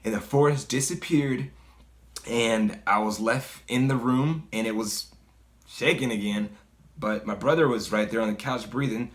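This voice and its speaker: A man's voice: mid-range voice, a little slow. A man casually telling a personal story in a loose, conversational way, full of fillers and swearing. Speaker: guest storyteller.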